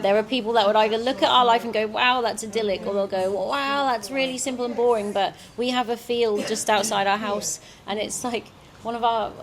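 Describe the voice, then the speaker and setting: A woman guest, a folklorist, chatting reflectively about her family and home life in a relaxed interview. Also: mid-range voice. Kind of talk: casual chat. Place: outdoor festival. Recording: festival crowd chatter behind.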